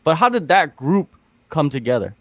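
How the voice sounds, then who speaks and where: A man's voice: on the high side, very animated, normal speed, dry recording. A man with an American accent hosting a casual podcast chat, asking rambling, filler-heavy questions. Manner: laid-back, rambling questions with many fillers. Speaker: podcast host.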